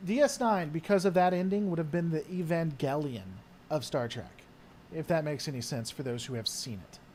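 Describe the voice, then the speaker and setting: A man's voice: on the high side, normal speed, a little mellow, a little hiss or hum. A man hosting a casual chat, answering viewer questions in a rambling way with lots of fillers. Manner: rambling, with frequent fillers and trailing thoughts. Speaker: host.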